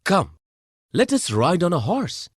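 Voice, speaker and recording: Woman doing a boy voice, really low and husky, coaxing and playful, dry close sound. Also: very animated, measured pace, no echo, heavily acted. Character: confident young boy, reassuring and teasing.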